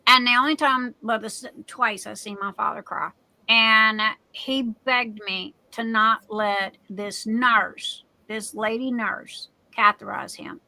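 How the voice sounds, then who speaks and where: A woman's voice: a little high, steady tone, takes it slowly, creaky, sharp tone, no echo, low-quality recording. A middle-aged woman hosting a livestream, telling a personal story in a candid, emotional way. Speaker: livestream host. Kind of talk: casual chat.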